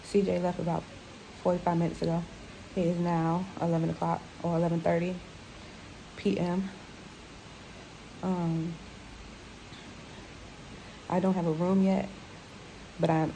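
A woman vlogging from a hospital room after surgery, out of breath with a sore throat, talking quietly and tiredly into her phone. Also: fairly low pitch, level tone, measured pace, vocal fry, long pauses. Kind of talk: casual video diary. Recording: noisy background hiss.

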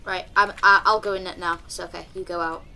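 A young woman, chatting through live gameplay commentary with sudden excited yelps and calls to her teammates. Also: fairly low pitch, brisk, creaky, a little hiss or hum. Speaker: streamer.

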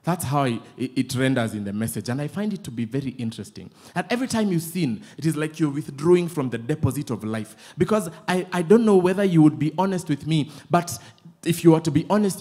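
A man with a Kenyan accent preaching a sermon, telling lively, playful stories and switching often between English and Swahili. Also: fairly high pitch. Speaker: pastor.

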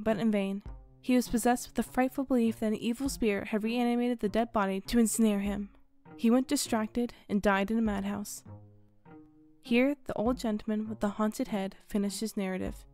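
A woman reads a classic horror tale in a measured, deliberate way. Her voice sits at a middling pitch, and quiet music plays faintly beneath her. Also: steady tone. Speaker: narrator. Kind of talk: scripted horror story narration.

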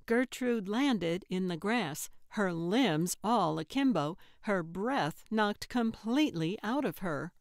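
A woman narrating an audiobook in a measured storytelling manner, on a close studio mic. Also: mid-range voice, animated, dry recording.

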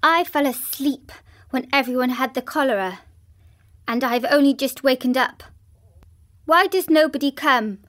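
A woman's voice: high-pitched, unhurried, long pauses, fairly bright tone. A woman voicing a lonely, stiff and proud little girl who demands to know why she was forgotten, in a synthetic storybook reading. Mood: indignant. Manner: indignant, demanding.

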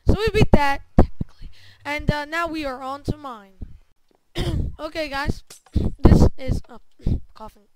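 Woman gamer, frustrated, swears a ton, trips over her words, talks slow. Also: high voice. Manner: frustrated, curses a lot, stammering restarts. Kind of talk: gameplay commentary. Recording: loud background noise with clicks.

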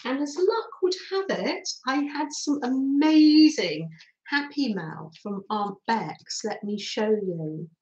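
A woman's voice: fairly high pitch, very animated, takes it slowly, darkish tone, roomy sound, dull audio. A middle-aged woman, hosting a chatty live craft stream and greeting her viewers cheerfully. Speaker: craft livestream host.

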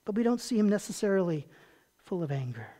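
A pastor preaching a sermon in a folksy, conversational way, asking the congregation questions and dropping soft and low on tender points. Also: big pitch swings, fast.

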